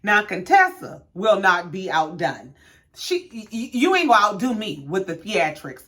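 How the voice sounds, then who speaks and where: A woman's voice: medium pitch, normal speed. A woman in her thirties, a sassy, slangy host recapping a reality show in casual commentary. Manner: sassy, slangy, animated storytelling.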